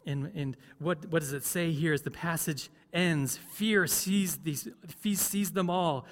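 A man's voice: on the high side, a little slow, long reverb tail. A man preaching a sermon as pastor, conversational, often asking the congregation questions. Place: church.

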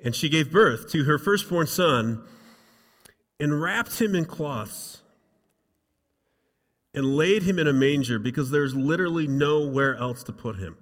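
A man preaching a sermon, reading scripture dramatically and dropping softly into asides, then leading a prayer. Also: fairly high pitch, animated, measured pace, long pauses, big-room sound. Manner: dramatic reading, rising loud for quotes, dropping soft for asides. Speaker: pastor.

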